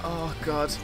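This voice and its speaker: A man streaming a video game live, reacting excitably and swearing often as he plays and talks to his chat. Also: on the high side. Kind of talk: casual live gameplay commentary.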